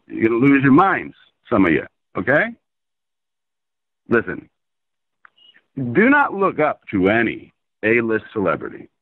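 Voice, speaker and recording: A man being interviewed over the phone about his low-budget film, telling stories in an animated, excitable, profane way. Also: dry recording. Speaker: filmmaker guest. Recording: tinny dry phone line.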